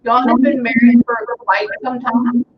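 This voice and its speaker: A young American woman working as a psychic medium, chatting casually and often pausing with "hang on" while she relays messages. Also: fairly high pitch, flat delivery, dull audio, slight background noise. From United States. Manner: chatty, keeps saying "hang on" and relaying what she hears. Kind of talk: casual reading session.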